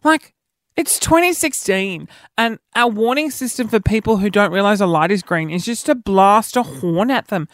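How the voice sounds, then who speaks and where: A man's voice: moderate pace, fairly bright tone, no echo. Chatty man, dry close sound. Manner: chatty, self-mocking, acts out quoted dialogue with pitch jumps. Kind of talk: casual storytelling monologue.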